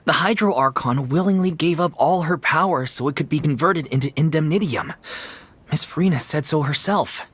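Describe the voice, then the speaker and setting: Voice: medium pitch, moderate pace, fairly bright tone, husky. A voice actor playing an earnest, caring young troupe member in a video game, explaining things eagerly.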